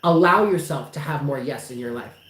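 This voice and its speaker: A woman's voice: very deep voice, fairly quick. A woman giving live tarot readings to her viewers, affectionate and emphatic, who swears casually. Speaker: tarot reader. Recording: roomy with faint background noise.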